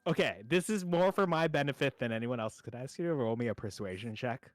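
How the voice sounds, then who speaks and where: A man's voice: mid-range voice, quick pace, no room sound, faint music behind. A young man running a tabletop game as dungeon master, rambling through his narration with many fillers and restarts.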